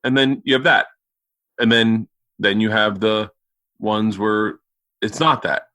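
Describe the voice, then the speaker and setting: A man's voice: on the low side, slow, no room sound. A man on a remote call, telling a casual story full of swearing and acted-out quotes. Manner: profane, animated, acts out loud quotes. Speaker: guest.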